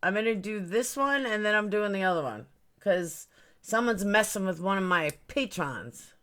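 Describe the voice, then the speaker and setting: A woman's voice: mid-range voice, expressive, moderate pace, a bit bright. Woman streamer chatting away, greeting her chat one by one, kinda rambly. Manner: puzzled, fiddling with stream settings. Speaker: livestream host. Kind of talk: casual livestream chat.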